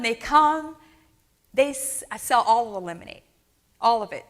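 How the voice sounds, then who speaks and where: A woman from New Orleans delivers a motivational keynote with a bright, forceful voice pitched a little high. She keeps the room with her through lively storytelling and quick "right?" check-ins. Her voice rings out with the long reverb of a large hall. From New Orleans, USA. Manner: energetic storyteller, asks the audience, frequent "right?" and "okay?". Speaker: keynote speaker, dental practice coach.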